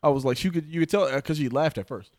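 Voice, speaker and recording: A young man co-hosting a comedy podcast, telling loud, animated stories with lots of swearing and laughter. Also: a little high, fast talker, dry recording, studio quality. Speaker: podcast co-host. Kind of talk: casual comedic banter.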